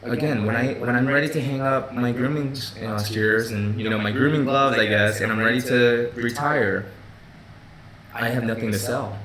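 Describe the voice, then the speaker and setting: A man's voice: mid-range voice, fairly even intonation, normal speed, crowd noise. A man hosts a live stream from his office in loose, casual talk. He restarts and repeats himself, filling gaps with "you know" and "right?". His voice rings in a roomy space with a murmur of people behind him. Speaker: groomer hosting a live Q&A stream.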